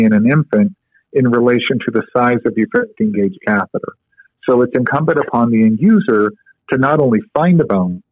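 A man's voice: medium pitch, no echo. A man guest on a podcast interview, casually explaining a medical technique with frequent fillers. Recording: tinny phone-line audio, dry.

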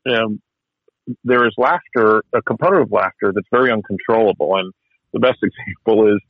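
Wry, chatty man with a low voice. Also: moderate pace, dry recording, narrow, tinny audio. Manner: chatty, wry, many restarts and fillers. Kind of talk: casual storytelling chat.

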